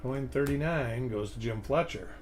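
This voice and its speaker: A man's voice: medium pitch, moderate pace, slight background noise. A man hosting a live coin-hunting stream, chatting casually and rambling as he thinks aloud at his desk. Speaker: coin hunting livestream host.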